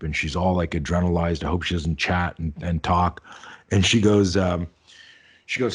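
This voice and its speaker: Man in his fifties, very deep voice, husky, animated storyteller, swears freely. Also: moderate pace. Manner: animated anecdote-telling, swears freely, acts out dialogue. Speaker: self-defense teacher, guest. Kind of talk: podcast interview storytelling.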